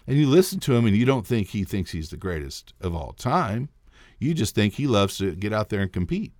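A man's voice: lowish voice, sing-song, brisk, darkish tone, no echo, studio quality. Rambling, chuckling male podcast host. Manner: rambling, self-interrupting, chuckling storyteller. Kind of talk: casual solo podcast storytelling.

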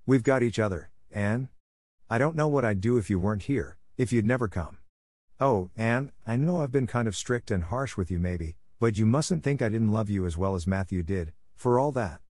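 A man's voice: on the low side, expressive, moderate pace, a little mellow, dry recording, clean studio sound. A man reading aloud voices a reserved, stern older woman giving restrained comfort. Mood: tender.

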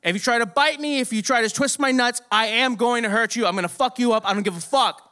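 A man's voice: very high-pitched, fast talker, sharp tone, clear, resonant tone, voice pushed up. A young man doing a blunt, menacing male orderly. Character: tough male hospital worker laying down threats.

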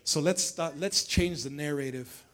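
A man's voice: on the high side, unhurried, a bit bright. A male pastor preaching to his church, firing questions at the congregation and repeating phrases. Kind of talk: lively sermon with call-and-response. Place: church service.

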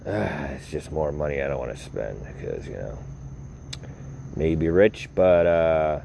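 A man with a low, deep voice rambles through a casual podcast monologue, mocking himself and chuckling at his own jokes. He talks straight into a phone, with a faint hiss of noise underneath. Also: big pitch swings, measured pace, vocal fry. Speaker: podcast host.

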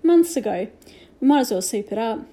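A woman voicing an anxious, earnest young boy with a quick, boyish delivery in a storybook reading. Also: a little high, lively intonation, dark tone, natural voice.

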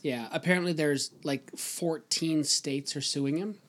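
A man's voice: on the high side, a little slow, fairly bright tone. A man from Canada co-hosting a podcast, bantering casually about politics with frequent swearing and jokes. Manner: profane, joking banter. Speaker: podcast co-host.

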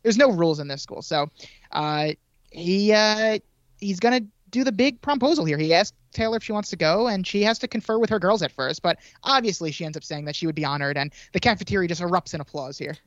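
A man's voice: high-pitched, animated, fairly quick, no echo, dull audio. A man co-hosting a podcast, recapping a film in a casual, jokey way. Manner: laughs easily, jokey. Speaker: podcast co-host.

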